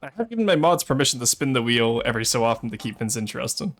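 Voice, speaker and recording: A man's voice: mid-range voice, sing-song, rapid-fire, a bit bright, soft background music. A male streamer giving live gameplay commentary, chatting to his viewers and swearing and exclaiming when he comes under attack. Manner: chatty asides to chat between bursts of play.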